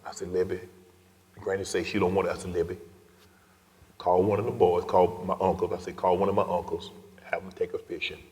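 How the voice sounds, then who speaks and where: A middle-aged man giving an emotional personal story as a guest speaker at an event, his delivery swinging from loud to hushed whispers. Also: low voice, little pitch movement, a little fast. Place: large event hall. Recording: long reverb of a large hall.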